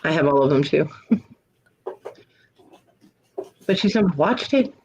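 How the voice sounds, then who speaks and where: A woman hosting a casual live stream hangout, chatting in an animated way and laughing often. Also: low voice, a little slow, muffled recording, a little hiss or hum. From United States. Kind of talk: casual chat.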